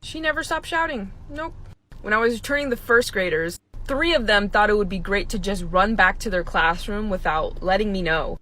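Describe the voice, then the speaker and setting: A young woman, a substitute teacher, telling a story about her day in an animated way, acting out what people said. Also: medium pitch, normal speed. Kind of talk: casual storytime.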